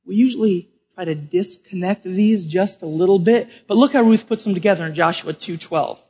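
A man preaching a sermon to a live congregation, swinging from loud emphatic questions to quiet explanation. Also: high voice, normal speed, slightly rough. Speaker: pastor.

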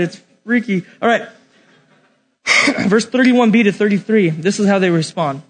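A young man teaching a Bible lesson from an outline, animated and often asking the audience questions. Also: high-pitched, normal speed, long pauses.

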